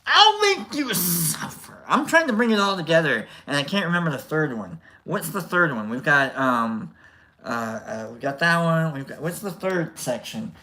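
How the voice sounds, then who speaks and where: A man chatting casually on his own stream, rambling from joke to joke with bursts of mock outrage. His voice is bright and forward, and his pitch swings widely. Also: expressive, moderate pace. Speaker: streamer host. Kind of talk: casual live-stream chat.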